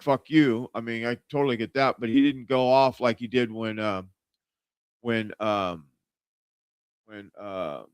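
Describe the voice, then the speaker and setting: A man's voice: mid-range voice, fairly bright tone, smooth, no room sound. A man hosting a podcast, talking casually and rambling with many fillers and some swearing. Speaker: podcast host. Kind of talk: casual commentary.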